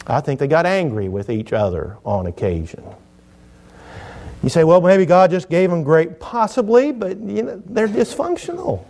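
A middle-aged man preaching a sermon in a folksy, joking way, swinging between loud emphatic lines and quiet asides. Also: medium pitch.

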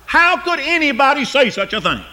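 Male preacher, high and bright tone, deliberate pace, emphatic on scripture. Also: very animated. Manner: slow, rising to high emphatic peaks on scripture; drops low and quiet on asides. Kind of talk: sermon.

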